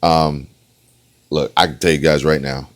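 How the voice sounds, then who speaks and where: A man's voice: extremely low pitch, flat delivery, unhurried. A man giving emphatic reaction commentary, repeating his points and talking straight to his viewers. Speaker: political commentator.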